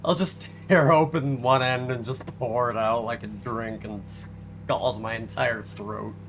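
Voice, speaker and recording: A man's voice: medium pitch, fairly even intonation, a little slow, background noise. A man streaming a game live, chatting casually in a rambling, self-mocking way and laughing often.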